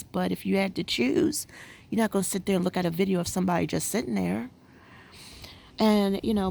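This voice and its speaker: A woman's voice: lowish voice, vocal fry, darkish tone, slight background noise. A woman vlogger sitting outdoors at home, chatting casually and musing with lots of fillers. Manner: rambling, musing, frequent fillers. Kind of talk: casual chat.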